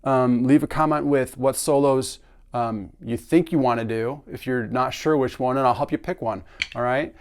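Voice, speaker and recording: Male snare drum teacher, casual instructional delivery, average pitch. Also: normal speed. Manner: relaxed, conversational, sings drum patterns aloud.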